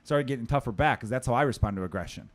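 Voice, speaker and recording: A man's voice: medium pitch, animated. A man in his thirties with a Chicago accent, hosting a casual podcast chat, telling stories and swearing freely. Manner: fast, storytelling, swears freely. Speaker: podcast host.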